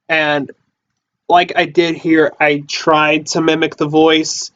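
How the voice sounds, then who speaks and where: Rambling excitable man on lo-fi audio. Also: a little high, slow pace. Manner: rambling, repeats himself with many fillers. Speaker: livestream host. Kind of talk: casual livestream chat. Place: house basement. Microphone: phone or computer mic. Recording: dull lo-fi phone audio.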